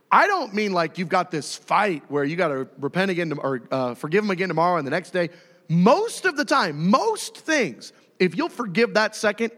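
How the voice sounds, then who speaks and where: A man preaching a sermon, animated and dramatic, often acting out voices and shouting. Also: sits high, in a large hall.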